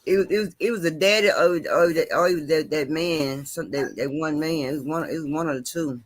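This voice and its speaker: Man, host, casual chat, emphatic, high pitch. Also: brisk. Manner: animated, repeats himself, emphatic.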